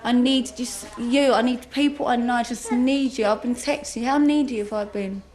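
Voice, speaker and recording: A woman crying through emotional candid chat at home, speaking softly to her children. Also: on the high side, fairly even intonation, moderate pace. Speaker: reality show star. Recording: noisy home recording.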